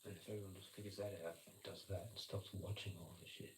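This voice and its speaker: A man rambles through a casual livestream, swearing freely and punching out little sound effects. His voice sits low and gravelly. He is picked up in an echoey room with loud noise behind him. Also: steady tone, fairly quick.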